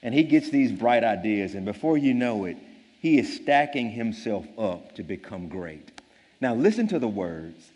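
A man's voice: on the low side, sing-song, normal speed, a little mellow, long reverb tail. A man preaching a sermon as a pastor, telling a story in an earnest, emphatic way.

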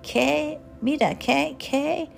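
Woman imitating a loud older Latina lady. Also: high voice, takes it slowly, vocal fry, faint music behind, pitched above the performer's own voice, full character voice. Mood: puzzled. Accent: Spanish. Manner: loud, laughing, broken English. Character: excitable older Latina woman with folding chair.

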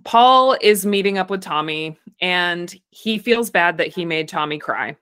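A woman's voice: on the low side, expressive, a little slow, a bit bright, smooth. A woman co-hosting a podcast, chatting and laughing as she recaps a reality show from her notes. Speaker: podcast co-host.

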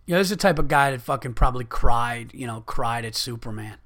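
A man's voice: mid-range voice, fairly quick, a bit bright. A man in his thirties hosting a podcast, ranting in a heated, profane comedic way and often restarting his sentences. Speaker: podcast host.

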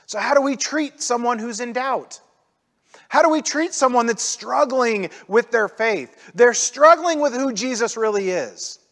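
A man preaching a sermon in a casual, conversational way, often dropping into little acted-out voices. His voice sits high for a man. Long reverb trails after each phrase, as in a hall. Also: unhurried. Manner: conversational, animated, acts out quoted voices. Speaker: pastor.

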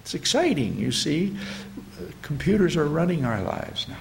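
A man giving a spiritual talk to a gathering, slow and reflective, often repeating his phrases. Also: fairly high pitch, big pitch swings, vocal fry, a little hiss or hum. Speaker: spiritual teacher.

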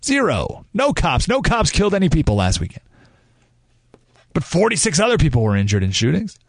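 Male talk-radio host, fairly high voice, opinionated and emphatic, lots of restarts, studio mic. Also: huge pitch swings, fairly quick, no room sound. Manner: ranting, emphatic, with restarts and asides. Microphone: studio microphone.

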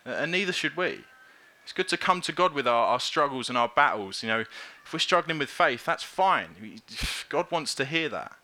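Speaking at normal speed in a mid-range voice, this preacher keeps his sermon conversational, lively and informal. He performs little quoted voices as he goes.

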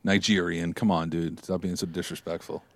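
A man's voice: low-pitched, level tone, normal speed, gravelly, no room sound. A man co-hosting a casual chat show, wry and teasing in his remarks. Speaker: podcast co-host.

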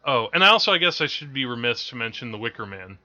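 A man's voice: mid-range voice, big pitch swings, quick pace, sharp tone. A man co-hosting a film podcast, rambling and correcting himself as he goes, often laughing at his own stories, on dull lo-fi audio. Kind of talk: casual chat about films.

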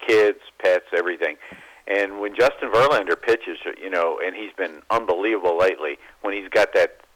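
A man guest on a sports radio talk show, telling animated baseball anecdotes and mimicking the people in them. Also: low-pitched, moderate pace. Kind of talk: phone-in radio interview, storytelling. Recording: phone line.

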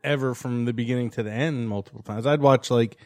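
A man's voice: medium pitch, fairly even intonation, brisk. A man on a casual podcast, chatting in a laid-back, crude way. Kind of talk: casual chat.

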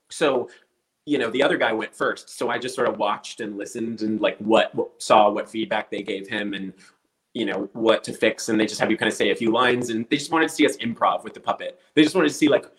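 A man's voice: mid-range voice, rough recording. A man telling a story casually, acting out the voices of the people in it. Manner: animated storyteller acting out quotes.

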